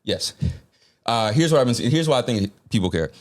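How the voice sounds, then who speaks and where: A man's voice: mid-range voice, expressive, brisk. A man co-hosting a podcast in loose, slangy, joking chat. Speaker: podcast co-host. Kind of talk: casual chat.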